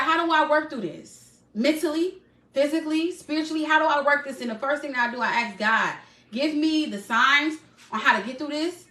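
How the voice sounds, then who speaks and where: A woman with a high, bright voice talks earnestly and from the heart, leaning on repeated phrases to drive her points home. She is speaking live from her home, and the room adds a noticeable echo. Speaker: live-stream host.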